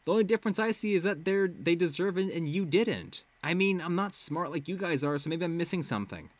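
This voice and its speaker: A man's voice: high-pitched, expressive, a little fast, no echo. A man reading the lines of a blunt, flippant teenage boy supervillain in a dry, offhand way.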